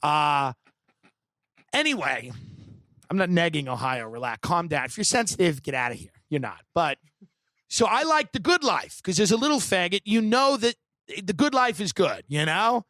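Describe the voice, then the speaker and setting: A comedian from the United States on a podcast, telling a long story in a sardonic, animated and provocative way. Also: male voice, sits high, normal speed, no room sound.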